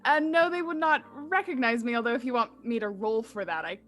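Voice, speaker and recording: A woman at a tabletop game chats in a polite, amused way. Her voice sits a bit high for a woman. Faint music plays behind her. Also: brisk, a bit bright. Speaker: player. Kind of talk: casual chat, playing a tabletop game.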